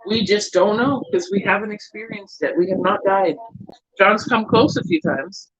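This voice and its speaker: A woman's voice: mid-range voice, moderate pace, highs cut off. Middle-aged woman bantering playfully as co-host. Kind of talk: casual chat.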